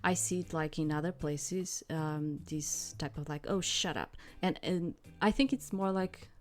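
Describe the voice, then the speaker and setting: A woman with a slightly low voice talks casually over a game, wandering through long explanations and leaning on fillers. Faint game music plays underneath her chatter. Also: a little slow. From outside the United States. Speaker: game streamer. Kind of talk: casual let's-play commentary.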